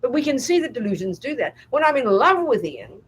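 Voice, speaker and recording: Fairly high-pitched and fairly quick, with big pitch swings, this Buddhist nun delivers a dharma talk at a retreat. She's emphatic and blunt, acting out inner voices and often asking if the group follows along. The poor audio carries a little hiss or hum.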